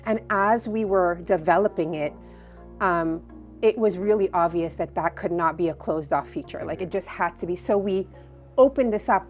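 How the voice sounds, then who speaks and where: Effusive woman designer on site. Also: lowish voice. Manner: effusive, descriptive, animated. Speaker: interior designer. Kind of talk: casual walkthrough conversation. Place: on site at a house under construction.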